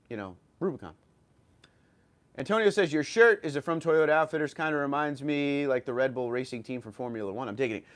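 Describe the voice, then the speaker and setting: A man with a New York accent hosting a casual livestream, reading viewer comments and chatting loosely with fillers and restarts. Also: on the high side. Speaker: livestream host.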